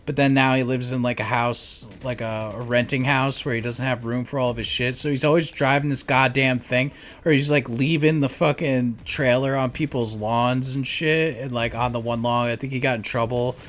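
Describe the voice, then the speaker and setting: A young man telling neighbor stories in casual chat, rambling and profane, packing every sentence with "like" and breaking into loud mocking voices. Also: steady tone, moderate pace. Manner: rambling, profane, heavy use of "like"; mimics neighbors in loud high-pitched voices.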